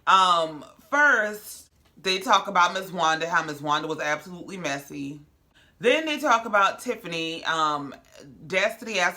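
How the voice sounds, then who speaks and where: Sassy bright-voiced woman recapping TV. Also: fairly low pitch, expressive, measured pace. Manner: sassy, blunt and slangy. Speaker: reality TV recap host. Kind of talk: casual commentary.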